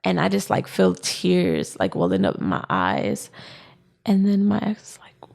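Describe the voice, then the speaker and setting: A young woman with a lowish, gravelly voice tells a personal story on a podcast. She rambles casually and fills her pauses with "um" and "like". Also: very animated, a little mellow. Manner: rambling, full of "um" and "like". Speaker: podcast co-host.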